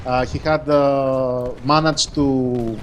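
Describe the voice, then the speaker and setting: A man from Greece with a Greek accent, chatting about a strategy game in halting, formal English with many pauses. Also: medium pitch, fairly even intonation, a little hiss or hum. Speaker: game developer. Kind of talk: casual gaming chat.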